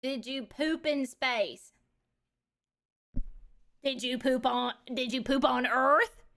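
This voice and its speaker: A woman's voice: high voice, slow, creaky, a bit bright. A woman streamer reading chat questions aloud during a live stream.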